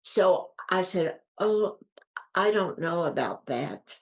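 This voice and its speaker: A woman's voice: lowish voice, expressive, slow. An older woman telling a personal story as a guest in an interview, earnest and emphatic, acting out what others said with a lifted voice and repeating phrases for effect. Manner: earnest, acts out quoted dialogue with lifted voice.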